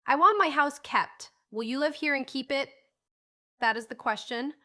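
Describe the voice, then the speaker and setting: A gruff, impatient old gentleman who barks his words in a bright, brisk tone, as a woman reads him in an audiobook. He is bossy and short with everyone, snapping back whenever anyone talks over him. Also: high-pitched, pitched above the performer's own voice. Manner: brusque and impatient.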